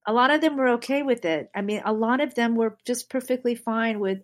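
A middle-aged woman, a guest on an interview show, telling lively stories about her life in a casual chat. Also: on the high side, fairly quick. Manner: animated storyteller.

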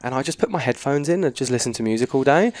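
A man's voice: medium pitch, expressive, fast talker, darkish tone. Chatty young man, laddish. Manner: chatty, laddish, swears freely. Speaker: podcast co-host. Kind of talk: casual chat.

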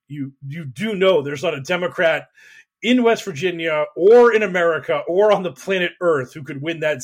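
On his podcast, a male host rants about politics, emphatic, profane and exasperated, in a voice he himself calls whiny. It sits a little high with a breathy edge.

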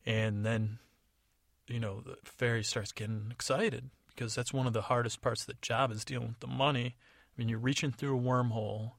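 A man's voice: mid-range voice, dry recording, clean studio sound. A man from the United States improvising a story in a casual, rambling, digressive way. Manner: rambling, digressive, many fillers. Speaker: podcast storyteller.

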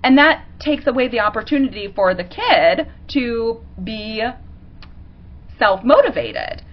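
Woman podcast host, chatty teaching vibe, kinda high voice, slightly muffled lo-fi audio. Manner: conversational, acts out quick examples. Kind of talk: casual teaching monologue.

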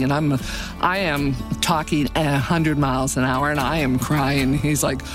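An older woman, a detective's wife, telling personal memories with lively leaps in pitch. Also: moderate pace, over music. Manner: animated, pitch leaps on emphasis. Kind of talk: personal recollection.

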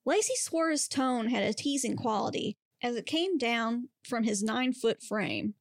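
A woman podcast host reading a monster romance story aloud with steady, expressive narration. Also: a little high, normal speed, no echo, clean studio sound.

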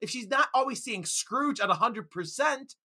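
A man co-hosting a casual film chat, enthusiastic and excitable, laughing often. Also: extremely high pitch, normal speed, slightly rough. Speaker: film podcast co-host.

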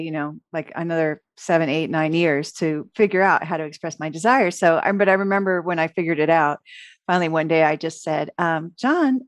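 Woman telling lively stories, dry sound. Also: fairly low pitch, no echo. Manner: lively storyteller who acts out her own quotes. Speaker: relationship author guest. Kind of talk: conversational interview storytelling.

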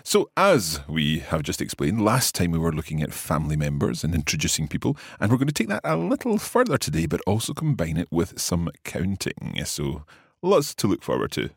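A man co-hosting a Swedish language lesson podcast, relaxed, asking questions and practising phrases. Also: deep voice, a little fast, vocal fry, breathy edge, no echo, studio quality. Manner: relaxed, asks questions, laughs easily. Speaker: co-host learning Swedish.

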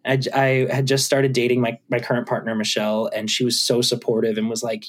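Musician guy being interviewed, chatty and animated, swears a lot, mid pitch. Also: fairly quick, hardly any pauses. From USA. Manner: animated, swearing, acts out his own thoughts. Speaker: musician guest. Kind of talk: casual interview chat.

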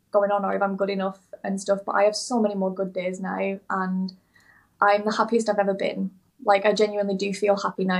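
Young guest, earnest and rambling, vocal fry, level delivery, video call. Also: female voice, medium pitch, low-quality recording. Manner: rambling, heartfelt, many fillers and restarts. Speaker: podcast guest. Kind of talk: candid interview talk. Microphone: remote video call.

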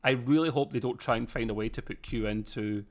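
A man in mid-range voice talks through an episode with a co-host, animated and quick to laugh. His chat is relaxed and casual, full of asides and playful mimicry. He sounds like a regular podcast host among friends. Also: medium pitch.

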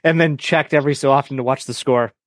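A blunt man who is a podcast guest, ranting casually and swearing freely. His voice sits at an ordinary middle pitch. It sounds dry and close, with no room echo. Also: fairly even intonation, fast. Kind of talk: casual chat.

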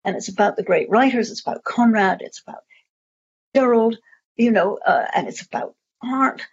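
A woman's voice: a little high, moderate pace, creaky, husky. A woman answering audience questions at a talk, discursive, with many fillers and restarts. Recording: muffled lo-fi audio.

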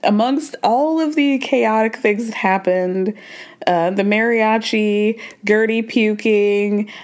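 A woman's voice: medium pitch, takes it slowly, a little mellow. A woman hosting a podcast, chatting casually and with opinions as she recaps reality TV, laughing now and then. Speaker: podcast host. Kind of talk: casual pop culture recap.

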